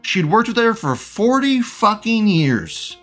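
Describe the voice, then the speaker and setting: A young man rants on a livestream in a lively, swooping voice that sits a little high. He swears constantly and laughs at his own remarks as he reads out chat. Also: takes it slowly, soft background music. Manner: crude, profane, laughing often. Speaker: livestream host reading chat. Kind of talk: casual ranting commentary.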